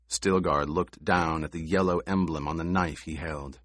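A man reading a novel aloud as an audiobook narrator, in a measured way. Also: very deep voice, steady tone, fairly bright tone, dry recording, studio quality. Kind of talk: scripted narration.

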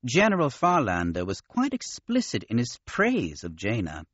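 A man voicing a polite, modest male alien commander with a nasal, gentle manner. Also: mid-range voice, huge pitch swings, moderate pace, husky, no echo, dull audio, heavily acted. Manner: gentle, courteous.

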